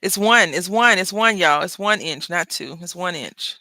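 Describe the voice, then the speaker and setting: A woman's voice: fairly low pitch, expressive, normal speed, sharp tone, no echo. A woman hosting a crafting tutorial, chatting casually and rambling into asides to her viewers as she works. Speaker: crafting channel host.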